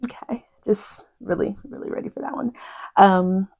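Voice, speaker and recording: A young woman chatting casually to camera as a book vlogger, drifting into quiet asides. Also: medium pitch, moderate pace, vocal fry, husky.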